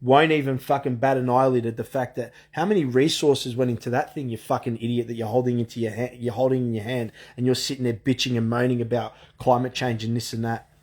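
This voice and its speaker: A man vents his frustration in a long monologue, swearing often and restarting his sentences. His pitch sits in the middle range for a man. He rants to the camera like a vlogger. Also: level tone, fast talker, hardly any pauses, darkish tone. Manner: profane, frustrated ranting with frequent restarts. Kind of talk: ranting monologue.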